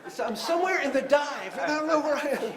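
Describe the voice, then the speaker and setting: Animated, high-voiced man lecturing a class. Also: fast talker, echoey room, over a noisy crowd. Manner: conversational, animated, acts out quoted dialogue. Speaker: pastoral counseling lecturer.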